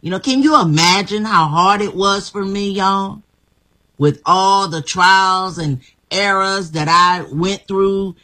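A woman's voice: mid-range voice, fairly bright tone. A woman guest giving an emphatic, encouraging personal testimony, often repeating her phrases. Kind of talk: motivational testimony.

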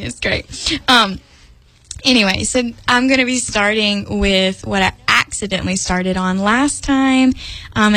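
A woman's voice: mid-range voice, fairly bright tone, dry recording, rough recording. Giggly chatty woman. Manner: giggly, chatty, uses "y'all" and "like". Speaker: host of a Bible study broadcast. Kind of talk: casual Bible study talk.

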